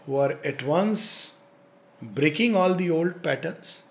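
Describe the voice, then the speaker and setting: A man giving a reflective spiritual talk, reciting poetry slowly and laughing often as he explains. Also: fairly high pitch, animated. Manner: thoughtful, laughs often, slow deliberate recitation. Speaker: spiritual teacher and speaker.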